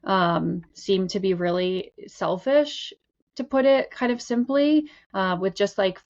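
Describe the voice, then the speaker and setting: A woman's voice: medium pitch, takes it slowly, a little mellow, highs cut off. A woman co-hosting a podcast as a mental health clinician, musing tentatively with many fillers. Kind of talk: casual podcast discussion.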